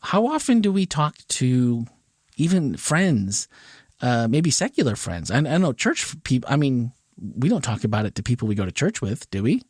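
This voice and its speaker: A man's voice: mid-range voice, sing-song, normal speed, a little mellow, slightly rough, dry recording, studio quality. A middle-aged man, a podcast co-host, telling a family story in casual chat and briefly raising his voice to quote his daughter.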